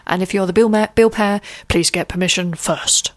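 A woman co-hosting a radio show, chatting casually with lots of ums and quick laughs. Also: fairly low pitch, steady tone. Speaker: radio co-host.

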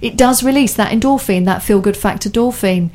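A woman's voice: medium pitch, a little fast, a little mellow. A woman hosting a radio chat show, talking enthusiastically in long, running sentences. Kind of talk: casual studio chat.

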